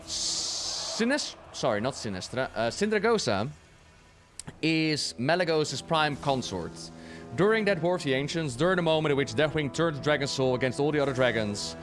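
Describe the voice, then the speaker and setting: A man with a slightly high voice streams a game and rambles through its lore. He jokes and swears casually as he plays. Quiet game music runs behind him. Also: animated, moderate pace. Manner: chatty, joking, swears casually. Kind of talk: casual lore commentary while playing.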